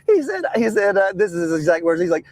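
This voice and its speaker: A young adult man, a truck driver, casually telling a story to his viewers, lively and laughing, often calling them man and dude. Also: high voice, fast talker, no room sound. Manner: animated, laughing, says man and dude a lot. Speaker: trucker and channel host.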